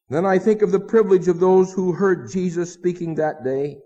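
A man's voice: sits high, normal speed, hardly any pauses, dark tone. A man preaching a sermon in an earnest, emphatic way, asking his listeners rhetorical questions. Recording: dull lo-fi sound with long hall reverb.

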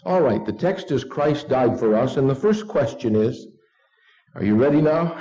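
A middle-aged man preaching an evening sermon, earnest and unhurried, leading his listeners to repeat a short text with him. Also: mid-range voice, lively intonation, warm tone. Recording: dull lo-fi recording.

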